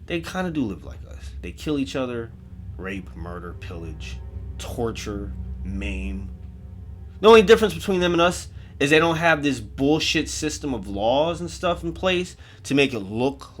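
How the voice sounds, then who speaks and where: A man telling a comedic first-person horror story, profane, jumping between loud outbursts and hushed asides. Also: medium pitch, a little hiss or hum.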